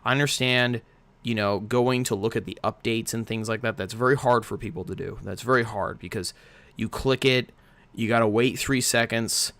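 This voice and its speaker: A man's voice: on the low side, a bit bright, smooth. Ranting man reviewing a game. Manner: exasperated, ranting, swears freely. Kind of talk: casual game review rant.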